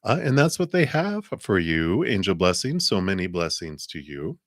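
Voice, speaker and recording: A man giving a live-stream tarot reading, soft-spoken and meandering with many fillers, talking around a cough drop. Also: low-pitched, very animated, normal speed, no echo, clean studio sound. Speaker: tarot reader.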